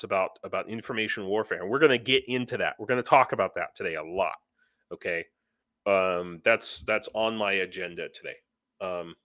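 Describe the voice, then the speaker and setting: Rambling bright-voiced male stream host. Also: on the low side, no echo. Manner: rambling, self-interrupting, reads chat comments aloud. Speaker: livestream host. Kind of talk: casual live-stream chat. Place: home in Ukraine.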